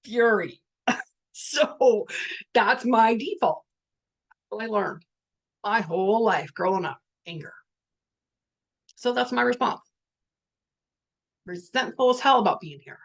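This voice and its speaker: A woman's voice: on the high side, expressive, slow, vocal fry, pauses often. A middle-aged woman leading a reflective spiritual talk, speaking candidly and earnestly, sometimes swearing. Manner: candid, earnest, swears, reads out participants' messages. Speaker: workshop facilitator.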